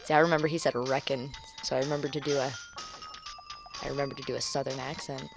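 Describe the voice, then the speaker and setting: Excitable swearing woman gamer, low voice. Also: very fast. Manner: excitable, swears loudly, rambling asides. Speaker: gaming channel host. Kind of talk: let's play commentary. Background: video game music.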